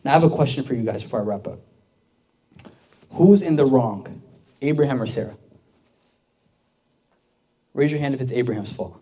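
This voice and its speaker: A man's voice: mid-range voice, expressive, normal speed, pauses often, mellow. A young man, a deacon, giving a casual storytelling sermon to a youth group, talking conversationally with many fillers and questions to the audience.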